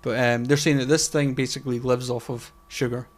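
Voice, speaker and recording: A man's voice: medium pitch, flat delivery, brisk. Rambling man, casual podcast chat. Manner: rambling, searches for words, swears freely; trails off quietly mid-sentence. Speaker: podcast co-host.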